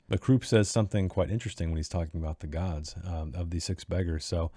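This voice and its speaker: A man hosting a book club read-along, reading passages aloud and then thinking out loud with lots of fillers and restarts. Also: low-pitched, steady tone, brisk, few pauses, dry recording, studio quality. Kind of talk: casual read-along discussion.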